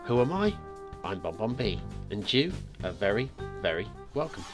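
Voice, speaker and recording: A man hosting a game map review show, talking casually with many filler pauses. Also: fairly low pitch, sing-song. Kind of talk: casual video game commentary. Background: faint background music.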